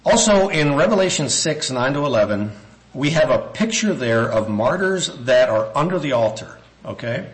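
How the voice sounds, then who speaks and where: A man's voice: fairly high pitch, low-quality recording. A man preaching a sermon, reading scripture passages aloud and thinking aloud with restarts and asides.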